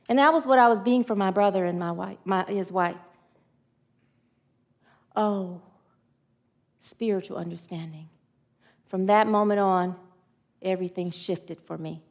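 A woman giving a personal testimony sermon, emotional, swinging from excited high lines to hushed low ones, and preaching to her listeners. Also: a little slow, pauses often. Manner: preachy, asks audience to answer. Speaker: spiritual speaker.

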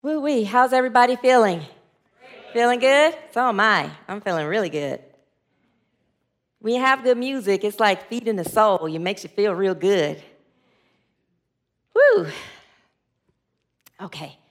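A woman preacher giving a humorous sermon, lively and chatty with the congregation. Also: medium pitch, moderate pace. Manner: lively, chatty with the audience, laughs easily.

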